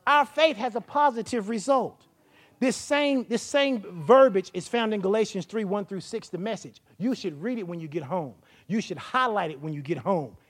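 A woman preaching a sermon with folksy, vernacular phrasing, building up to shouts. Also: medium pitch, moderate pace, hardly any pauses. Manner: animated, rising to shouts.

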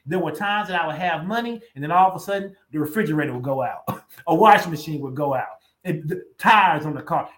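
A man's voice: sits high, fairly bright tone. A man preaching in a conversational sermon, emphatic and repeating lines for weight. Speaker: pastor.

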